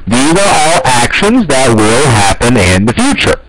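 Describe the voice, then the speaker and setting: Lively man teaching English grammar. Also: fairly high pitch, moderate pace, hardly any pauses, a crowd in the background, poor audio. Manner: explanatory, frequent "okay?" checks. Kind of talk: grammar lesson.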